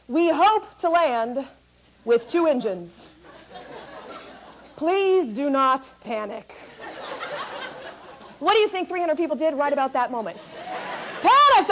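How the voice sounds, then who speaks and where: High-energy high-voiced woman speaker. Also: slight background noise. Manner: animated, laughing, high-energy. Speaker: keynote speaker. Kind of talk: comic storytelling to an audience.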